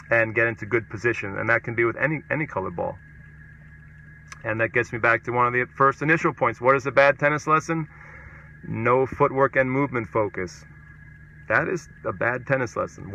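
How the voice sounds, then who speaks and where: This tennis coach and podcast host has a mid-range, gravelly voice with a sharp edge, and slight background noise creeps into his dull, lo-fi mobile stream. He reads out viewer comments in a casual, emphatic style, repeating his punchy catchphrase.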